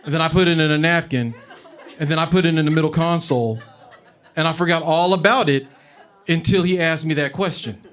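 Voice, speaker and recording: A man's voice: fairly high pitch, a little fast. A man telling a funny personal story live on stage, chatty, laughing as he goes and swearing now and then. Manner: conversational, comic, laughing through the telling; swearing, animated retelling. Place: live event before an audience.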